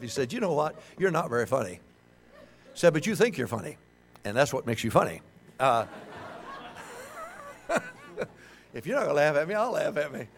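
A man's voice: a little high, slight background noise. An older man preaching a sermon, joking and calling on the congregation to answer back. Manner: joking, animated, call-and-response with the congregation.

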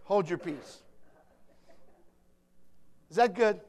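High-voiced man preaching with loud bursts. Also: unhurried. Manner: emphatic, swinging from quiet to shouting, joking with the congregation. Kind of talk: sermon.

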